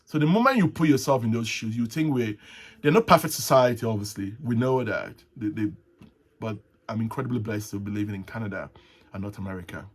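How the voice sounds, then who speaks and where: A man hosting a casual solo talk show, rambling and halting, with frequent restarts and soft chuckles. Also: lowish voice, lively intonation. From Nigeria. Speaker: host. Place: at home, with tea.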